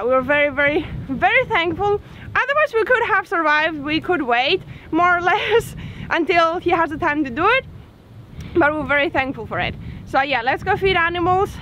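A young woman in her twenties with a very high, light voice talks loudly and cheerfully to her camera outdoors. Strong wind blasts across the mic. Her delivery is casual vlog chat, upbeat and chatty. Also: muffled recording. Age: 20s. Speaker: vlogger. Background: wind noise.

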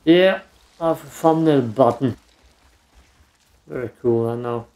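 Slow gravelly man chatting over gameplay. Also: mid-range voice, darkish tone. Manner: dry, self-mocking remarks while playing. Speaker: gameplay streamer. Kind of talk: casual let's play commentary.

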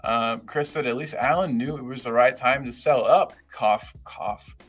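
Man, podcast co-host, upbeat, shout-outs to chat, lively shifts in pitch, music in the mix. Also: normal speed. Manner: upbeat, greets viewers by name, lots of "my man". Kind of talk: live-stream chat, reading comments aloud.

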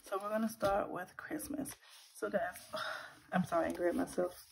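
A woman in her thirties chatting casually as a budgeting vlogger. She talks softly, slips into whispers while counting cash and rambles when she vents. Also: fairly low pitch, steady tone, moderate pace, creaky, a little hiss or hum, poor audio. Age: 30s. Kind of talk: casual vlog chat.

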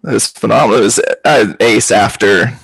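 Male podcast host, husky and gravelly, rambling casual football chat on a video call. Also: on the low side, a little fast, a bit bright, dry recording, low-quality recording.

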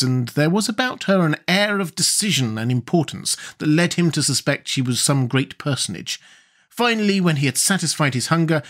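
A man reading an audiobook in an expressive, storytelling manner. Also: fairly high pitch. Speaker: audiobook narrator. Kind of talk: scripted audiobook narration.

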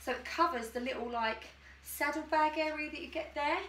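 Trying on swimwear for her vlog, a woman chats in a giggly, self-deprecating way at a moderate pace, her voice high and a bit bright. She is recorded from across an echoey room on a distant mic, with slight background noise.

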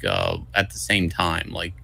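A man co-hosting a casual comic review stream, speaking hesitantly and haltingly as he tries to remember. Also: sits low, big pitch swings, gravelly, bright, forceful tone. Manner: hesitant, halting, restarts while recalling. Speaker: co-host. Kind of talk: casual chat on a livestream.

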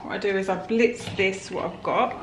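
A woman's voice: mid-range voice, steady tone, normal speed. A woman chatting casually in her home kitchen, filming a homely, rambling vlog. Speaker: vlogger. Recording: echoey kitchen, clear background noise.

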